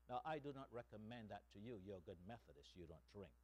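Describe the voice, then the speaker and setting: A man preaching a sermon as pastor, slow and emphatic, tossing in rhetorical "hmm?" asides to the congregation. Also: on the low side, lively intonation, darkish tone, slight background noise.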